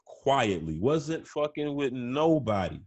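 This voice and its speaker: Podcast co-host, male, mid-pitched, laid-back rambling delivery, dry close mic. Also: very animated, slow pace, darkish tone, no echo. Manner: conversational, frequent "you know what I'm saying", repeats words. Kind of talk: casual sports talk.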